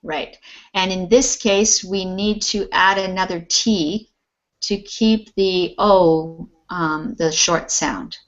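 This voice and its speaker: A woman teacher with a slightly low voice speaks slowly and patiently, encouraging her students one by one. Her voice comes through a muffled, lo-fi video call. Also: steady tone. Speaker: English teacher. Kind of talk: online class teaching.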